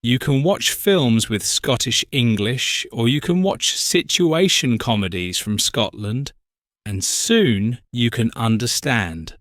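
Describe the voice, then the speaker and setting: A man voicing a patient woman English teacher who gives calm, clear advice in a storybook lesson. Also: medium pitch, slow, no echo, studio quality. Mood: reassuring.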